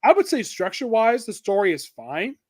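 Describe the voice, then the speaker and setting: A man's voice: high voice, big pitch swings, brisk. A man co-hosting a casual comic book discussion, rambling and hesitant with many restarts. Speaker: podcast co-host.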